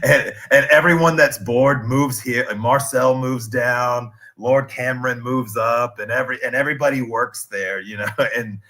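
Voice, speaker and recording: A man's voice: mid-range voice, fairly even intonation, normal speed, hardly any pauses, pushed and bright. A man in his thirties chatting casually on a stream, telling rambling, digressive stories with restarts. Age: 30s.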